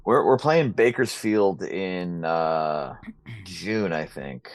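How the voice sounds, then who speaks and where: A man's voice: sits low, expressive, slow, no room sound. A man who plays in a metal band, answering interview questions in a laid-back, hesitant way with many fillers. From New York. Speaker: metal drummer and vocalist, guest. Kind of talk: casual interview chat. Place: apartment.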